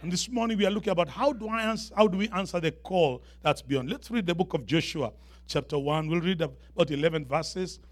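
A man with an African accent delivers a sermon from the pulpit, his voice sitting a little high for a man. He mixes relaxed, joking asides with rising, emphatic declarations and calls for the congregation to respond. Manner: builds to raised, emphatic declarations with call-and-response; quick asides with humor to the congregation. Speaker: guest preacher.

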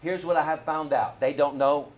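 A middle-aged man with a Kentucky accent, a pastor telling a story in a folksy, animated sermon and calling out to the congregation. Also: fairly high pitch, normal speed.

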